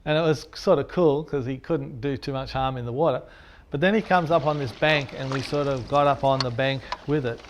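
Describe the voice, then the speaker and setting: A photographer telling an animated anecdote, acting out the sounds and his own reactions as he goes. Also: medium pitch, brisk, a little hiss or hum. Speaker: landscape photographer. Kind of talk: storytelling anecdote.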